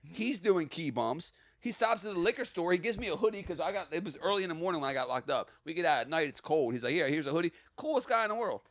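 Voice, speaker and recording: Male podcast storyteller: swears a lot, says "bro", animated, recorded dry and close. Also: on the high side, fast, no room sound. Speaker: podcast co-host or guest. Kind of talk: casual comedic podcast chat.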